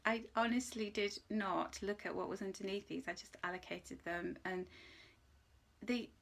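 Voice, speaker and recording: A woman with a creaky, mid-range voice reads angel cards live, speaking at a normal speed with fairly even intonation. She comes across as gentle and reassuring, often emotional and laughing, with moments where she falls to a soft whisper.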